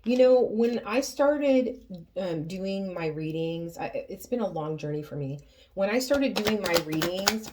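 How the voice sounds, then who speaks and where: A woman giving a tarot reading to her viewers, earnest and emotional, often pausing and restarting her sentences. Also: medium pitch, expressive, noisy background. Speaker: tarot reader.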